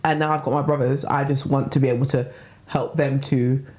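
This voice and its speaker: A woman's voice: rumbling low, fairly even intonation, brisk, a little mellow. A young woman, a model, talking candidly and animatedly as an interview guest, laughing often and swearing casually.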